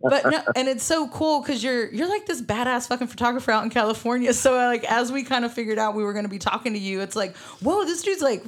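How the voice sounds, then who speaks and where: A woman's voice: a little high, fast talker, hardly any pauses. A woman co-hosting a podcast in bubbly, casual chat, giggling and swearing freely, with a slight lisp from a bitten cheek. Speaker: podcast co-host.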